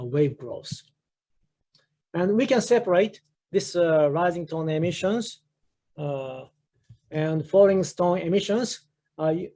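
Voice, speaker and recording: A man's voice: fairly high pitch, warm tone. A man in his sixties with a Japanese accent, a professor giving a research lecture with many fillers and restarts. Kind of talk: academic lecture.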